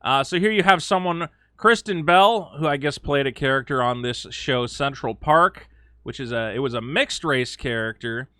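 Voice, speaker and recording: Animated sarcastic man with a bright voice. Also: medium pitch, normal speed, clean tone, no room sound, clean studio sound. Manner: animated, sarcastic, uses mocking quoted voices and frequent fillers. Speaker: commentary video host. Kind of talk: casual opinion commentary.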